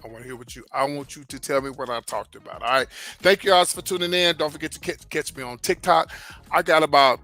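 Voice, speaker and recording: Chatty bright-voiced gossip host man. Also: fairly high pitch, fast. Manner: chatty, animated, calls viewers child, baby and y'all. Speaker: host of a celebrity gossip channel. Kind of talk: casual gossip commentary.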